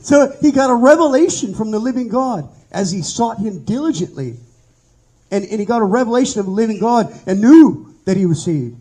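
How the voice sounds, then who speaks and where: A man's voice: high voice, expressive, brisk, warm tone, husky, low-quality recording. A man preaching an informal sermon, telling stories earnestly and often repeating words as he restarts. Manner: stammering repetitions, earnest storytelling. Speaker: pastor.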